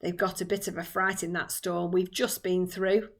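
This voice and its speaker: A woman voicing a calm, sensible young boy in a storybook reading. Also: on the low side, moderate pace. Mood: reassuring.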